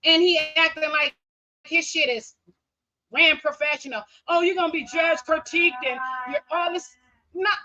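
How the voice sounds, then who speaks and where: Very high bright-voiced lady hosting a stream, blunt and emphatic. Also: fairly even intonation, moderate pace, lo-fi sound. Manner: emphatic, blunt, backs up the guest. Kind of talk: casual live-stream chat.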